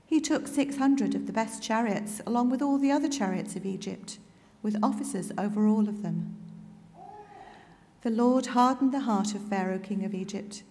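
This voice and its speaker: A woman reading a Bible passage aloud in a measured way. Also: mid-range voice, darkish tone, long reverb tail, slight background noise. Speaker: scripture reader.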